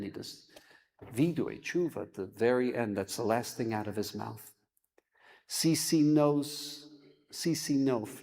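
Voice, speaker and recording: A man's voice: fairly low pitch, darkish tone. A man, a rabbi, teaching a sermon, chanting verses and then explaining them with dramatic emphasis. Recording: long hall reverb.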